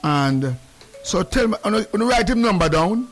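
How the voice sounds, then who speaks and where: A man's voice: high voice, unhurried, faint music behind. A man hosting a casual radio chat, slipping between patois and English. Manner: animated, mixes patois and English. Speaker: radio host.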